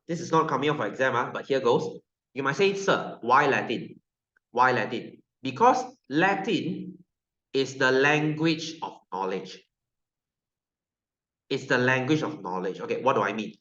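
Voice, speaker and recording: A man with a Malaysian English accent teaches a science class in a playful, joking way, constantly quizzing students. His medium-pitched voice is fairly bright and moderately paced, but the roomy recording sounds muffled, echoey, and dull.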